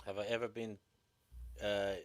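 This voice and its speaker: A man's voice: on the low side, level tone, normal speed. A man on a casual live chat, answering briefly and politely before excusing himself.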